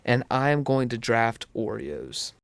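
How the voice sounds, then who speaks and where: A man co-hosting a podcast in casual chat, animated and teasing, laughing often. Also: mid-range voice, unhurried, vocal fry, clean tone, no room sound. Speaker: podcast co-host.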